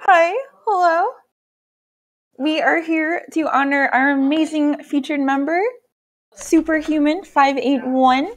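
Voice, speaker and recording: A woman co-hosting a casual podcast on a call mic, bubbly and quick to laugh. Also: sits high, fairly even intonation. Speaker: podcast co-host.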